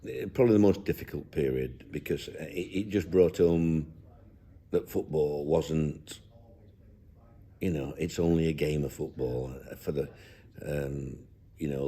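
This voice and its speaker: Here an older football manager reminisces in an interview, his rumbling low voice mellow with a breathy edge. The chat is reflective and down-to-earth, full of rambling restarts.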